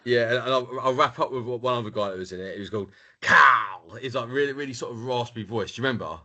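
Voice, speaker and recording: A man co-hosting a casual podcast chat, stumbling and repeating words as he talks. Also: medium pitch. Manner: halting, repeats words, animated. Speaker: podcast co-host.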